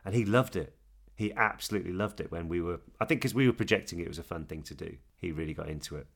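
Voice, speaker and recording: A man co-hosting a podcast, chatting in an animated way and laughing easily. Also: low-pitched, quick pace, gravelly. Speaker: podcast co-host. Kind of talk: casual chat.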